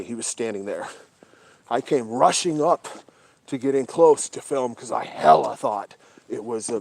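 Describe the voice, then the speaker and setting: A man hosting a livestream outdoors at night, talking casually and swearing a lot, often dropping to a hushed whisper. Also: mid-range voice, dry recording. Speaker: livestream host. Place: outdoors at night in brush by a creek.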